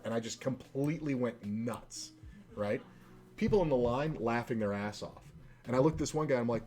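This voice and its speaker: A man's voice: medium pitch, normal speed, darkish tone, faint music behind. A man streaming a game and chatting casually, telling a rambling, profane story between side comments on play. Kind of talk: casual storytelling while gaming.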